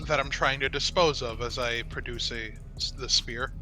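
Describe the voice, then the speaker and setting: A man's voice: mid-range voice, steady tone, normal speed, bright, forceful tone, faint music behind. A man playing a tabletop game, laid-back and joking as he talks to the game master. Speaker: player. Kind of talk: casual tabletop play.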